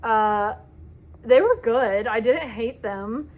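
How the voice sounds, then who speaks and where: Young woman book vlogger, dramatic and gushing, a touch high-voiced. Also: animated, takes it slowly. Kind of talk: casual book review vlog.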